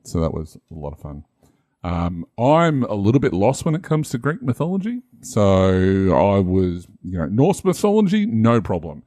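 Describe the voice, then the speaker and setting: A man's voice: sits low, very animated, moderate pace, dark tone, no echo, clean studio sound. A man, a game master co-hosting a casual podcast, rambling and self-deprecating with many fillers.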